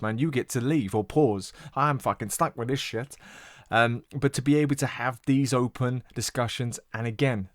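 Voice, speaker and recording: A British man in casual reaction chat, open and unguarded, swearing freely and breaking into laughs. His voice sits at an ordinary pitch. The recording is close and dry with no room sound. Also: dry recording. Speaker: music reaction channel host.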